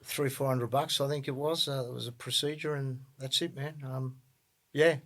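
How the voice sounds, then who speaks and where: A man's voice: medium pitch, little pitch movement, moderate pace, a bit bright. A middle-aged man with an Australian accent, telling his life story as a podcast guest in a loose, rambling way full of fillers and repeats. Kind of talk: casual storytelling.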